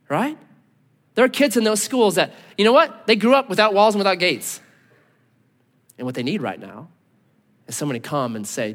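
A man in his thirties preaching a sermon, telling a story with lively voices, then dropping to quiet, earnest tones. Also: sits high, moderate pace, long pauses. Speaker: pastor. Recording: long hall reverb.

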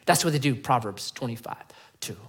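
Guy preaching a sermon, punchy, gets loud then drops to a hush. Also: medium pitch, expressive, a little fast. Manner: emphatic, swings from loud to hushed. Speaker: pastor.

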